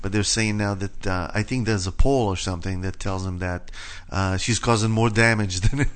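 A man's voice: fairly low pitch, steady tone, normal speed, clear, resonant tone. Rambling male radio host. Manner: rambling, hedging, chuckling. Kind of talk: casual chat. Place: radio studio.

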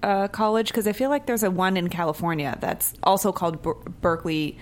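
A woman co-hosting a morning talk show, chatting in a lively, casual way, full of "like" and "you know.". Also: on the low side, brisk. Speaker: radio show co-host.

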